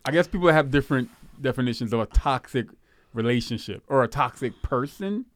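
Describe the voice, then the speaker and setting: A man's voice: mid-range voice, animated, brisk, no echo, clean studio sound. A man with a lisp hosting a casual group chat, laughing easily and repeating words as he searches for phrasing.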